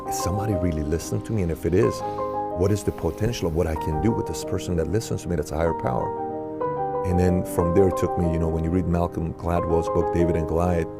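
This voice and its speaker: A deep-voiced man with a gravelly edge recounts a personal testimony in an interview. He talks in an earnest, searching way, full of questions and casual asides. Music plays behind him. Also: fairly even intonation, fast talker. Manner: conversational, with frequent "like" and "okay?". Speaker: army veteran guest.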